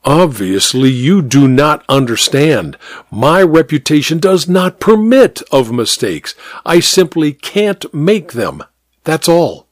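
A man's voice: a little high, very animated, slow pace, no room sound, studio quality, full character voice. A man voicing a cold, proud doctor who speaks in tight, clipped lines and gets nervous. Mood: tense.

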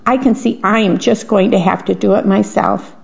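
A proud, cross and lonely older man, as a woman reader puts him on, gravelly at the edges and a touch high for the part. The sound is dull and lo-fi, like a home recording. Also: steady tone, moderate pace.

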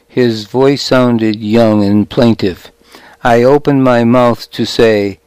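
Male narrator, scripted story reading, measured, very unhurried, dry close sound. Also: mid-range voice, a little mellow, clear, resonant tone, dry recording, poor audio.

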